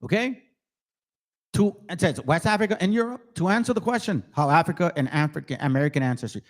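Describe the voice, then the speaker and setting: A man hosting his own channel speaks briskly and expressively in a slightly high voice. He combines combative religious commentary and direct mockery of viewers with passages he reads aloud between points.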